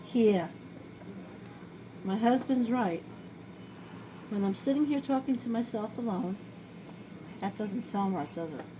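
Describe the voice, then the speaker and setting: A woman's voice: a little high, takes it slowly, pauses often. A middle-aged woman with a New York accent, chatting and rambling as she cooks in her home kitchen, often poking fun at herself. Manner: chatty, rambling, self-deprecating. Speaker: home cook vlogger. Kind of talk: casual cooking chat to camera. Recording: home video with clear background noise.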